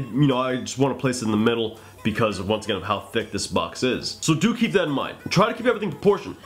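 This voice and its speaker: Chatty man giving art critiques. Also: medium pitch. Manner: chatty, joking, profane asides. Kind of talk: casual art critique commentary.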